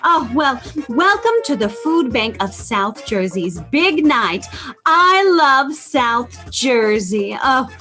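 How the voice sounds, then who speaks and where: A woman's voice: high-pitched, big pitch swings, slow, bright, forceful tone, faint music behind, exaggerated voice. A woman playing a giddy, scatterbrained 1950s sitcom housewife, gushing and flustered in a comic bit. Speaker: comic performer at a fundraiser.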